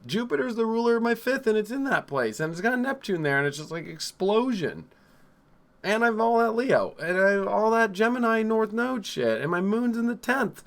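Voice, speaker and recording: A man hosting a live astrology show, talking in a rambling, excitable and profane way, swinging from loud outbursts to low mutters. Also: normal speed. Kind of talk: live-streamed casual astrology talk.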